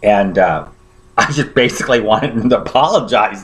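A man's voice: on the low side, animated, moderate pace. A man preaching a sermon, telling a personal story in a conversational way and often checking in with his listeners.

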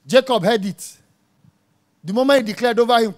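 A man preaching a sermon, emphatic and jabbing, dropping to quiet asides and rising to loud exclamations. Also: high-pitched, expressive, a little fast.

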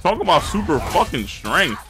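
A man playing a video game and commenting live, cursing and shouting at hits, with slangy laid-back banter in between. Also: a little high, very animated, normal speed. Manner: profane, loud exclamations at in-game hits. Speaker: gaming channel host. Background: game music.

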